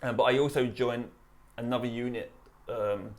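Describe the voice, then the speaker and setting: A man in his thirties from East London, with a London accent, a charity founder and army veteran telling his story in a relaxed, chatty way. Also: mid-range voice, moderate pace. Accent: London English. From East London, England. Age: 30s. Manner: relaxed, chatty, laughs while retelling. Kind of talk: casual interview storytelling.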